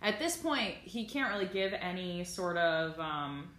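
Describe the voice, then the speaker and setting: A woman in her twenties co-hosting a podcast, chatting casually in an excitable, exclamatory way. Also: on the low side, measured pace, roomy sound. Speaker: podcast co-host. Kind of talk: casual chat.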